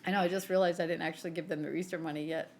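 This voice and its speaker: A woman's voice: on the low side, fairly even intonation, very fast. A woman in her forties co-hosting a podcast, teasing and chatting easily, often laughing. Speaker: podcast co-host. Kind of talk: casual chat.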